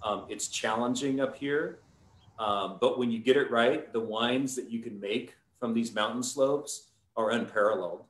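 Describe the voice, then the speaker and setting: A man, a winemaker, telling a long story in a relaxed, rambling way on a live stream, with many fillers. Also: medium pitch, moderate pace, roomy sound.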